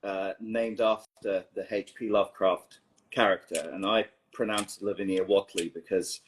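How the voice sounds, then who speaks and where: A man guest on a podcast, not a native English speaker, talks in a low voice. His tone is dry and measured. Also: fairly even intonation, fairly bright tone, a little hiss or hum. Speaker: band member guest. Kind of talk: casual chat.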